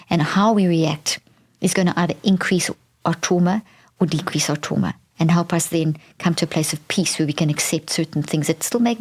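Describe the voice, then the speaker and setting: A woman's voice: sits low, a little mellow. A woman hosting a podcast, explaining earnestly in a monologue and often repeating words and restarting as she goes. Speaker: podcast host.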